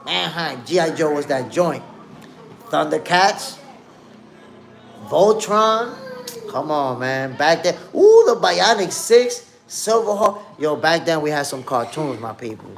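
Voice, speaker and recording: A man in his fifties hosts a live stream in a loose, slangy, animated way. He reminisces eagerly while answering the chat, and his voice sits a bit high for a man. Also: slow pace, vocal fry, a little hiss or hum. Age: 50s. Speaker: boxing podcast host.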